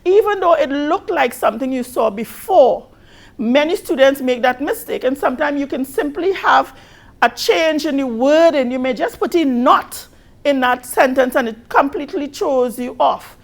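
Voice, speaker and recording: A woman with a Caribbean accent teaches a biology exam review. Her voice sits high and carries a gravelly edge. She rereads each question slowly and presses on the key words. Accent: Caribbean English. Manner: patient, repeats questions slowly with emphasis.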